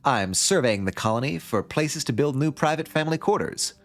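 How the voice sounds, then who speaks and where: A man voicing an excitable young male construction worker in an odd put-on accent. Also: mid-range voice, fairly quick, soft background music, natural voice. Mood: excited.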